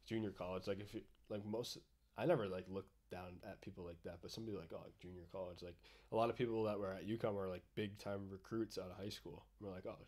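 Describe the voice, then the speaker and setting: A man's voice: on the low side, fairly even intonation, a little mellow. A young man, a former college ballplayer, talking casually as a podcast guest with lots of fillers. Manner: fast, filler-heavy, says like constantly. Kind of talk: casual chat.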